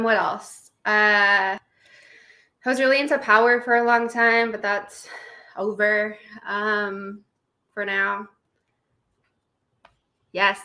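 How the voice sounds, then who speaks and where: Bright, giggly young woman chatting live. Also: mid-range voice. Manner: chatty and giggly, greets viewers by name. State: recovering from surgery. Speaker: host of a live stream. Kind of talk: casual live-stream chat, reading viewer comments.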